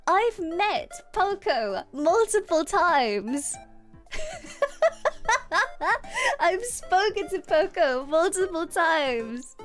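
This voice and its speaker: A young woman with a British accent chatting on a stream, her voice high and full of swooping, lively pitch. She talks in a bubbly, giggly way as she reads out viewer comments, with faint music in the background. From Britain. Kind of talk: casual chat with viewers.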